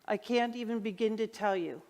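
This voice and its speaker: A woman's voice: mid-range voice, normal speed, darkish tone. A middle-aged woman minister giving a heartfelt, conversational sermon, often putting questions to the congregation. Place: church sanctuary. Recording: long hall reverb in a sanctuary.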